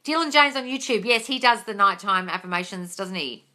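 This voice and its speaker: Bright, chatty woman. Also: mid-range voice, expressive, fairly quick. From England. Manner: chatty, swears freely, calls viewers darling. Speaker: host. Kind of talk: casual live-stream Q&A. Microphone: phone.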